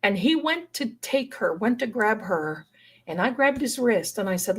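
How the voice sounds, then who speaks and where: A woman's voice: on the high side, animated, normal speed, slightly rough. Dramatic folksy woman telling a story. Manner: dramatic, folksy, addresses viewers as darlings. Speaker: paranormal storyteller guest. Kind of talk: live-stream storytelling.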